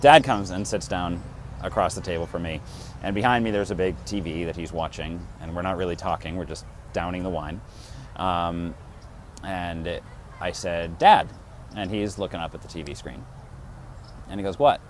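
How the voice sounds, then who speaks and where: A man in his thirties from Massachusetts, an actor and director, telling a personal story to camera in a lively way and acting out the dialogue. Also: low-pitched, moderate pace, a little hiss or hum. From Massachusetts, USA.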